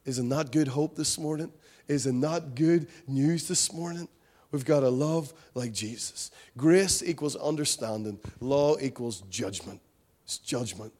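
A man's voice: medium pitch, a little slow, darkish tone. A man preaching a sermon, impassioned, often repeating phrases for emphasis. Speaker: pastor.

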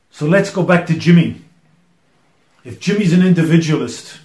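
A man preaching a sermon, earnest and emphatic, often letting his sentences fall to a quiet finish. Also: fairly high pitch, roomy sound. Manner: earnest and emphatic, often dropping to a hushed close. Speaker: pastor.

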